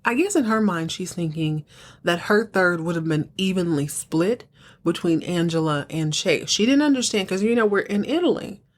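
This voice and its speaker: A woman hosting a podcast, recapping a TV episode in a chatty, animated storytelling way. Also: fairly low pitch, moderate pace. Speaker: podcast host.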